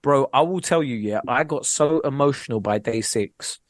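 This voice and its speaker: Animated man telling stories. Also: medium pitch, normal speed, no room sound. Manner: animated storytelling with slang and repetition. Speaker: comedian and podcast co-host. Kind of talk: casual comedy podcast chat.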